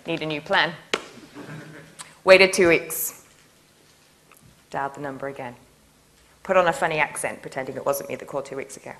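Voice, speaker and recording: A woman's voice: deep voice, normal speed, long pauses, fairly bright tone. A woman nanotechnologist giving a public lecture in a university hall, telling stories in a playful, enthusiastic way. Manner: playful, enthusiastic storytelling with laughs.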